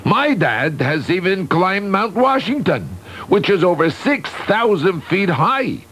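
A man voicing a friendly, eager boy who calmly lists what to bring for a climb, in a matter-of-fact, reassuring way. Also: sits high, a little hiss or hum, heavily acted.

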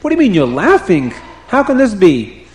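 Outraged leaders asking questions, higher voice, echoey a man doing them. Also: wildly swooping pitch, normal speed. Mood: indignant. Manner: incredulous, questioning. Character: indignant male world leaders. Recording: roomy echo.

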